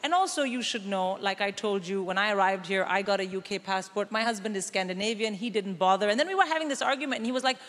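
A woman's voice: mid-range voice, fast, few pauses, fairly bright tone. A middle-aged woman performing a stand-up comedy set, punchy and conspiratorial, mock-lecturing the crowd. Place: large theatre stage. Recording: live theatre hall with audience.

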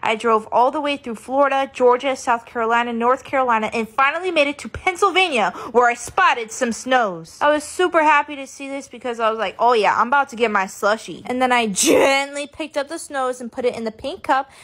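A young woman telling a silly story in a loud, upbeat, exaggerated way. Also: high-pitched, fairly quick, hardly any pauses. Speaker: comedy creator. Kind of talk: comic storytelling. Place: in Florida.

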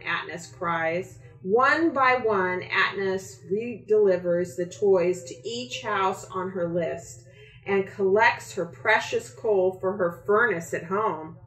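Woman author reads her kids' book aloud, unhurried and expressive, roomy echo. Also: mid-range voice. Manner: slow, expressive storytelling. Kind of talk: reading a picture book aloud. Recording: echoey room.

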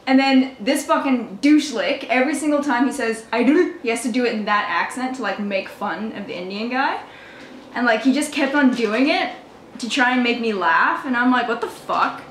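A fairly high-voiced young woman chats through a vlog story, cursing without restraint and breaking into laughter. She mocks the people she quotes. The recording is roomy and echoey, with a faint hiss behind her. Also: moderate pace, a bit bright. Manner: swears freely, laughs often, mocks by quoting others. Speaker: vlogger. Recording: echoey room with faint noise.

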